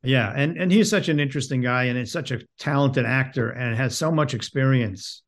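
A man who hosts and directs, telling an anecdote in a halting, self-deprecating way and often repeating words. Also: mid-range voice, creaky. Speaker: host and TV director.

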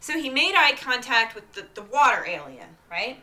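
Podcast co-host, woman, chatty storyteller, animated, bright and fairly high voice. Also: normal speed. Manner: animated, acts out quotes, asks "right?" often. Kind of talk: casual chat, storytelling.

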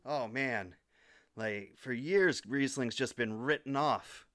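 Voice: medium pitch, slow pace, fairly bright tone, no room sound, clean studio sound. A podcast co-host in a casual wine chat, teasing and wry, laughing easily.

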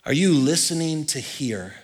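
A male pastor preaching a sermon in an animated, conversational way, swinging from loud to quiet. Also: a little high, a little slow, slightly rough.

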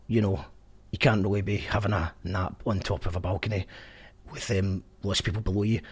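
A man's voice: on the low side, breathy edge. A Scottish man hosting a podcast, chatting casually in a rambling, jokey way. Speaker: podcast host. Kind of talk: casual monologue recap.

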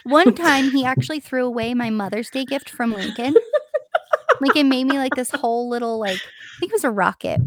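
A woman's voice: fairly high pitch, brisk, noisy background. A woman co-hosting a podcast, chatting casually and laughing often while she teases her co-host. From Colorado. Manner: laughing, teasing banter. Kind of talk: casual chat.

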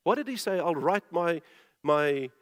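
A man's voice: a little high, animated, a little slow. A man preaching a sermon, emphatic and full of rhetorical questions, urging his listeners to pay attention. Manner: urges listeners to pay attention, repeating himself. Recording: long reverb of a large hall.

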